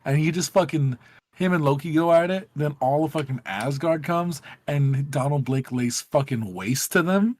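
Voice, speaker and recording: A man's voice: fairly high pitch, normal speed, a little mellow, no room sound. A man co-hosting a gaming podcast in casual group chat, telling a rambling, profane story with many fillers.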